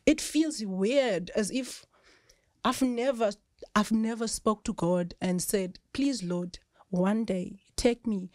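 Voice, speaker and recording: A South African woman, a rugby player guesting on a podcast, telling lively stories and often breaking into laughter. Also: medium pitch, slow, no room sound, clean studio sound. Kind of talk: casual storytelling chat.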